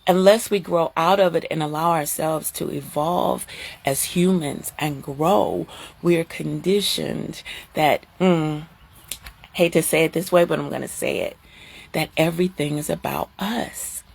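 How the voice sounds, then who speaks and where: A middle-aged woman hosting a live stream, talking casually and chattily to her viewers, sometimes jumping up into a high squeal of surprise. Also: unhurried, gravelly, a little mellow.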